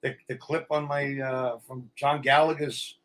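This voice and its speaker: A middle-aged man, an actor guest telling stories in a casual interview, blunt and animated. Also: mid-range voice, a little slow.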